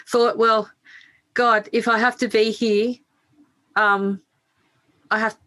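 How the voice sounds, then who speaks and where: A middle-aged woman tells her own story on a podcast with a bright, forceful edge to her voice. She speaks frankly, swears without hesitation and laughs at herself along the way. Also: on the high side, level tone, slow pace. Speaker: podcast guest. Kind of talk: candid interview storytelling.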